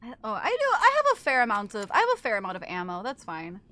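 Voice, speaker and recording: A woman's voice: mid-range voice, huge pitch swings, fast talker, sharp tone, dry recording. A young woman streaming a horror game, chatting casually with her viewers, swearing often and breaking into screams and laughs. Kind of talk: casual gameplay chat with chat.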